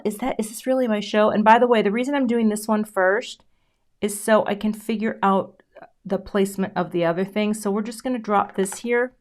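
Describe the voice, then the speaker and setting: A middle-aged woman hosting a casual live craft stream from her home craft room, chatting and thanking viewers as she works. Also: medium pitch. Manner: chatty, self-interrupting, reads out viewer comments. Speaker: craft channel host.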